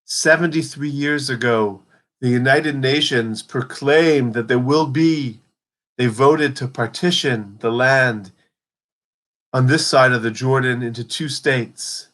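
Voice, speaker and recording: Man, medium pitch, earnest teacher, retells stories with lively quoted lines. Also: slow. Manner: earnest, storytelling, dramatizes quotes. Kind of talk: holiday teaching talk.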